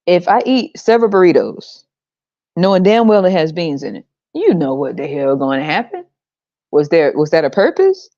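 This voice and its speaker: A woman's voice: fairly low pitch, sing-song, unhurried, pauses often, dark tone, no room sound. An American woman hosting a podcast, ranting in a casual, profane, mocking way and laughing often. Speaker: podcast host. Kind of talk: casual monologue rant. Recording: dull lo-fi sound.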